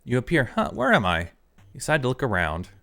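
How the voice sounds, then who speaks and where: Male game streamer, casual and rambling, animated delivery with frequent laughs. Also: medium pitch, fast talker, vocal fry. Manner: excitable, rambling, laughs often. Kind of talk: casual live-stream commentary.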